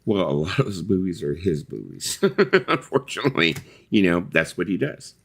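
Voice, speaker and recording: Man, very low voice, middle-aged host, rambling casual storytelling, lots of "like" and "you know". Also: big pitch swings, moderate pace, vocal fry, husky. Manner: rambling storytelling with many fillers and swearing. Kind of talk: casual live chat.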